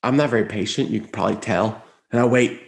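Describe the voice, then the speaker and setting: A man giving a conference keynote, telling an animated story and acting out the voices of the people in it. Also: fast, gravelly. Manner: animated, high-energy storytelling with acted-out quotes. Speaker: conference speaker.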